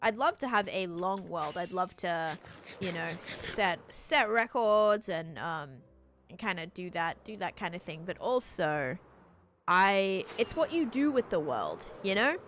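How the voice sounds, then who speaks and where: Gaming on a live stream, an Australian woman talks in a lowish, expressive, unhurried voice with a fairly bright tone and a slight hiss or hum. Her chat is rambling and casual, heavy on "like."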